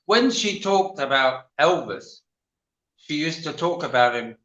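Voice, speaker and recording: A man's voice: a little high, lively intonation, a little slow, fairly bright tone, reverberant, lo-fi sound. An older man with an English accent, telling rambling stories as a guest on a livestream panel chat. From England. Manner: chatty, rambling storyteller.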